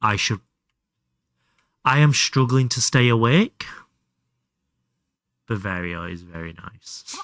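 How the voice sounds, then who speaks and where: A man's voice: on the low side, expressive, slow pace, pauses often, fairly bright tone, no echo, clean studio sound. A young man chatting casually and thinking aloud while streaming a game, swearing freely. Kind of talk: casual live gameplay commentary.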